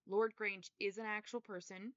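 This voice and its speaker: A woman's voice: medium pitch, flat delivery, normal speed, a bit bright, no echo. A woman co-hosting a podcast, chatting casually and eagerly about a book and leading the conversation. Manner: enthusiastic, leads the discussion. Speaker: podcast co-host. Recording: dull lo-fi recording.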